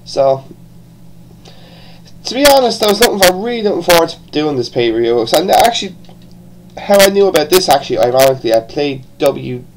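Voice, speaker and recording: This wrestling show review comes from an Irish-accented man, born in England and partly raised in Ireland, who rambles casually with plenty of restarts and an occasional curse. He speaks a little fast in a fairly high, sing-song voice, on a low-quality recording with some hiss or hum.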